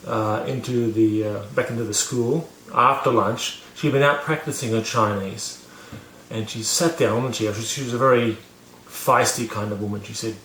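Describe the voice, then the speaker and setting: A man's voice: mid-range voice, fairly even intonation, moderate pace, fairly bright tone, echoey room, slight background noise. Man telling a rambling self-mocking story. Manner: rambling, many fillers and restarts, self-mocking. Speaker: vlogger teaching about learning. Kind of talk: casual storytelling to camera.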